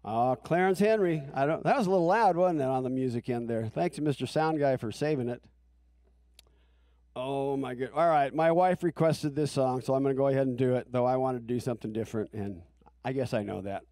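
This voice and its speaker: A male musician appearing as a guest on a live TV show, making quick offhand remarks between songs. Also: medium pitch, warm tone, no echo, clean studio sound.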